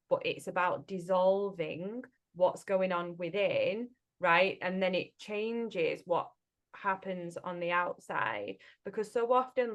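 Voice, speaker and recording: A woman speaks gently and reassuringly in a relaxed podcast conversation, coaching listeners through emotional healing. She often tags her points with a soft "right?" as she goes. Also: medium pitch. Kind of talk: casual podcast chat.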